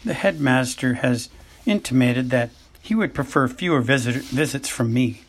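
A man's voice: mid-range voice, animated, breathy edge. A man reading as a dithery old seer woman. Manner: hesitant, halting with ums and uhs. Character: dithery eccentric older woman seer, haughty. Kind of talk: amateur audiobook reading.

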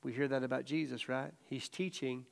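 During a casual Bible study delivered as a sermon, a middle-aged man tells stories animatedly and acts out quotes loudly. His pitch is medium and his tone steady, with vocal fry and a moderate pace.

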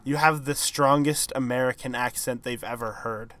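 A young man co-hosting a podcast, rambling and hedging in casual chat, often trailing off quietly. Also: mid-range voice, steady tone, moderate pace, no room sound. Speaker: podcast co-host.

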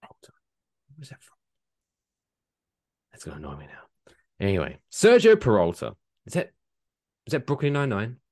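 An Englishman co-hosting a comedy podcast, telling a story with big swoops in his pitch. He talks in a casual, jokey way and keeps breaking into goofy put-on voices. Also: moderate pace, long pauses. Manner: animated, slips into silly put-on voices. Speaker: podcast co-host.

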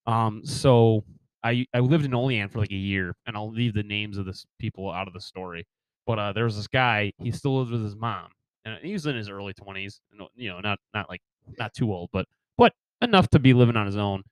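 A man's voice: fairly low pitch, brisk, clear, resonant tone, no echo, poor audio. A man co-hosting a podcast, chatting casually and telling a story on a close mic, often breaking into laughter. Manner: laughs often, trails into giggles. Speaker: podcast co-host.

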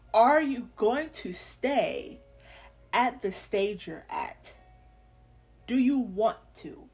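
A woman's voice: medium pitch, darkish tone. A young woman hosting a faith podcast, talking candidly and earnestly in casual slang, sometimes laughing. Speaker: podcast host.

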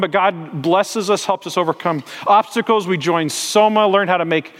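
A man's voice: high-pitched, normal speed, a bit bright. A middle-aged man, a pastor, telling a story in a sermon and acting out the voices of the people in it. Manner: acts out the voices of the people in his stories. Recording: long reverb in a large hall.

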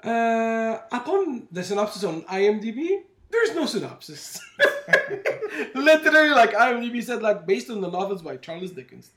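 Man, high voice, lively swings, casual movie chat, roomy echo. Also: brisk, few pauses, a little hiss or hum. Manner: animated, laughs often. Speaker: co-host.

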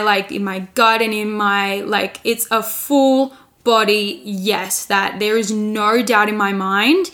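A woman's voice: medium pitch, fairly bright tone. A woman in her twenties, a podcast host and coach, talking candidly in a casual solo monologue and restarting her sentences often. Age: 20s. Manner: earnest, candid, restarts often and says "like" a lot.

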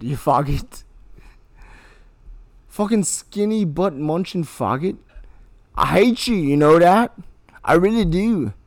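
A man reading a film scene aloud, playing a foul-mouthed, raging teenage boy bully in a put-on accent, shouting and snarling insults. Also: a little high, no echo.

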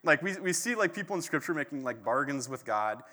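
A man preaching a sermon in a casual, animated storytelling way. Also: on the high side, brisk. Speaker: pastor. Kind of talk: conversational sermon.

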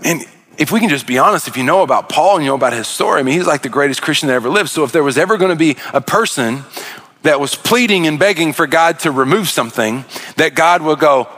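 A man's voice: fairly high pitch, expressive, fast talker, fairly bright tone. A man preaching a sermon as pastor, impassioned, often repeating words and restarting mid-phrase.

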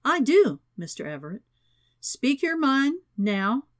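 A man's voice: very high-pitched, big pitch swings, slow pace, voice pushed up, full character voice. A woman voicing a commanding male spy director. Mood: authoritative. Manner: curt, authoritative.

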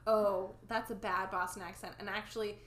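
A woman co-hosting a podcast, chatting casually and arguing back about a movie. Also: medium pitch. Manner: chatty, animated, quick to argue back. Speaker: podcast co-host. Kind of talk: casual chat reviewing a movie. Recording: echoey room with faint background noise.

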